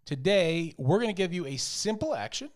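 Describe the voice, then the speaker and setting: A man's voice: high-pitched, big pitch swings, moderate pace. A man co-hosting a casual money podcast, rambling and chuckling as he talks. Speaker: podcast co-host.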